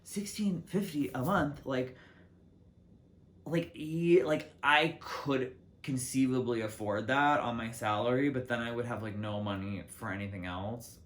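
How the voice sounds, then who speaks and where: A young man hosting his own solo talk show, rambling casually to the camera from his city apartment with lots of fillers and restarts. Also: a little slow. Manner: chatty, lots of "like" and restarts, lively swings in pitch and loudness. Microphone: camera mic.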